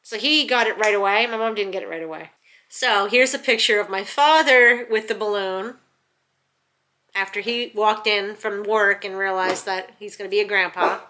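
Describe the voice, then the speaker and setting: A middle-aged woman from the New York area talks to her camera at home, animated and chatty, with plenty of fillers as she tells a family story. Her voice is bright and clear, sitting in the middle of a woman's range. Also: medium pitch, slight background noise. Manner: animated, chatty retelling full of "like" and restarts. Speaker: vlogger. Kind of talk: casual storytelling.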